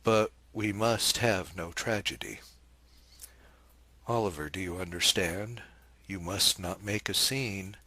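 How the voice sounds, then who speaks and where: A man's voice: low-pitched, takes it slowly, bright, forceful tone, no echo, full character voice. A man reading aloud as a poised young wife who asks lightly mocking questions and keeps her husband in check. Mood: soothing, firm. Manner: light, coolly teasing questions.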